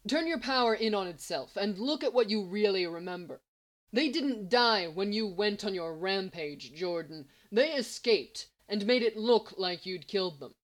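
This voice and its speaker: A woman's voice: mid-range voice, lively intonation, moderate pace, lightly acted. A woman reading the lines of a smug, scheming male villain in a confident, lecturing manner.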